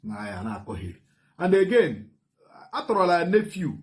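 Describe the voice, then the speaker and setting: A man's voice: a little high, big pitch swings, normal speed. A middle-aged man with an Igbo Nigerian accent gives an impassioned spoken statement, switching between Igbo and English and repeating phrases and rhetorical questions for emphasis. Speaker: community spokesman rebutting a report.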